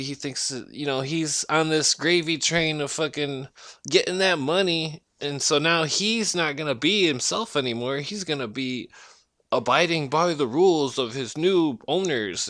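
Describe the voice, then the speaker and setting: A man's voice: fairly high pitch, sharp tone, dry recording. Guy ranting at home, swears every other word, keeps losing his train of thought, dry close mic. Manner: swears constantly, trails off and restarts. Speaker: vlogger ranting to camera. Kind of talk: rambling profane rant.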